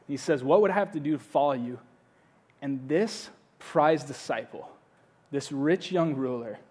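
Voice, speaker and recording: A young adult man preaching a sermon, telling a story in a casual, animated and playful way. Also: a little high. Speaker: pastor.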